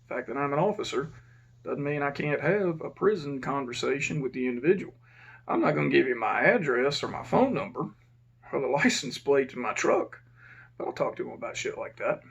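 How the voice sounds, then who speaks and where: A former prison officer telling a casual, profane story and acting out the dialogue. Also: male voice, medium pitch, animated, fairly quick, vocal fry, fairly bright tone, slightly rough, muffled recording.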